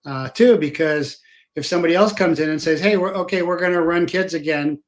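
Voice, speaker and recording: A man, a former federal agent, hosting an interview and talking in a hesitant way, with many pauses and fillers. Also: fairly high pitch. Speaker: podcast host. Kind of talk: conversational interview.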